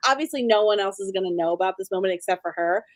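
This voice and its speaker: A woman co-hosting a podcast in a casual recap chat, emphatic and quick to laugh. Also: mid-range voice, dry recording. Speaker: podcast co-host.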